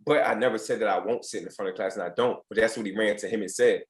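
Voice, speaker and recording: A man's voice: on the low side, fairly even intonation, racing, echoey room. A man in his late twenties from Virginia telling stories as a podcast guest, candid and profane, often acting out what others said. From United States, Virginia. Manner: candid, profane, reenacts quotes in other voices. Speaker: podcast guest, former basketball player. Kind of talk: casual storytelling interview.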